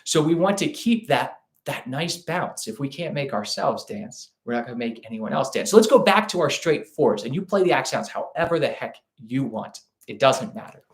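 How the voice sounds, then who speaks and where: A man teaching a live online ukulele lesson in a relaxed, chatty way, scatting rhythms aloud as he demonstrates. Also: mid-range voice, normal speed, few pauses, reverberant. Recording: ukulele playing loudly behind the voice. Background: ukulele playing.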